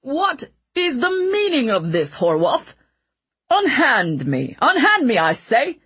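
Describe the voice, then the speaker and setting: A woman's voice: on the low side, wildly swooping pitch, slow pace, sharp tone, husky, no room sound, heavily acted. A woman reading an audiobook voices an indignant, blustering male spymaster who protests shrilly while he is seized. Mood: outraged.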